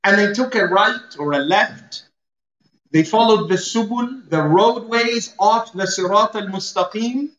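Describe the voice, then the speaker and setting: A man delivering a sermon in a bright, forward voice that rings through a roomy space. He explains Arabic terms and acts out everyday scenes. The sound is a little dull and muffled. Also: sits high, measured pace. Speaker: preacher.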